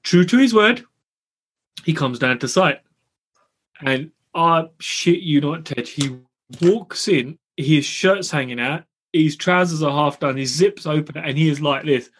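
A man's voice: fairly high pitch, unhurried, a bit bright, husky. A man, co-hosting a podcast and telling a story animatedly, swearing freely. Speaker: podcast co-host. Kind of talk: casual storytelling chat.

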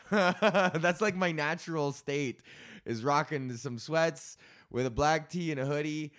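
A young man from Canada hosts a comedy podcast with a rambling, off-the-cuff rant full of swearing and jokes. His voice sits a little high for a man. He keeps the talk loose and casual. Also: slow pace, a bit bright. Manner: rambling, profane, loose and jokey. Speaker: podcast host.

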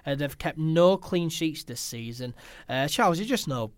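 Host, man, mid-pitched, halting delivery full of "uh"s, dry close sound. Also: lively intonation, dry recording. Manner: hesitant, many filler "uh"s. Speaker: podcast host. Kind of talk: football fan podcast chat.

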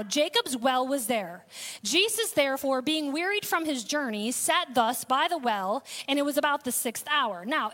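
A woman's voice: high-pitched, fairly bright tone. A woman pastor, preaching a sermon with call-outs and sudden bursts of intensity.

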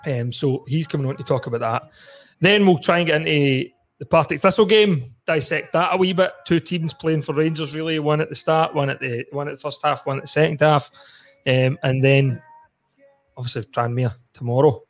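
A Scottish man hosts a casual football podcast with a fairly high voice. He is chatty and laughs often. He swears loosely as he runs the show. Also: normal speed. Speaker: podcast host.

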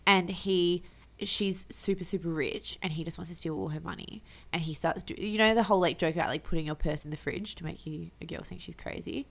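A woman's voice: fairly low pitch, fairly quick, gravelly. A woman chatting casually as a podcast co-host, telling stories animatedly with lots of fillers. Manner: animated storytelling with many fillers. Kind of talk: casual chat.

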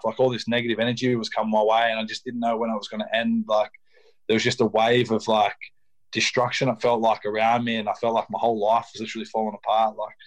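A young Australian man, a rugby league player, talking casually as an interview guest with a laid-back, filler-heavy delivery. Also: lowish voice.

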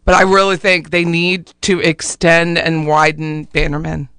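High, bright man ranting animatedly. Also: clean tone, no room sound. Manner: animated, opinionated, quick to laugh. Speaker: talk show co-host. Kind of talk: casual radio chat.

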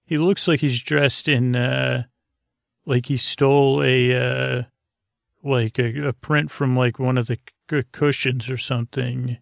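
A man's voice: mid-range voice, flat delivery, slow, gravelly, dry recording. A man hosting a podcast, giving a meandering, hesitant episode recap full of fillers, meant to lull listeners to sleep. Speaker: podcast host.

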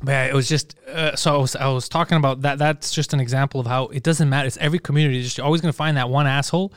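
A man co-hosting a podcast, telling stories in a fast, animated, profane way. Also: medium pitch, no room sound, clean studio sound. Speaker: podcast co-host. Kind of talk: casual podcast chat.

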